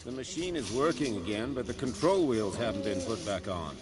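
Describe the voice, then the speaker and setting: A man's voice: lowish voice, animated, a little fast, natural voice. An actor playing a nervous male asylum orderly in a game, jittery and sticking to the rules. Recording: game audio with music behind.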